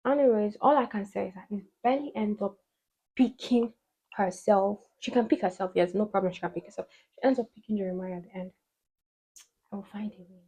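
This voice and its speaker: Mellow, husky-voiced woman vlogger rambling. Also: mid-range voice, fairly quick, rough recording. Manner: rambling, full of "like" fillers, playful asides. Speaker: beauty vlogger. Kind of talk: casual chat while doing makeup.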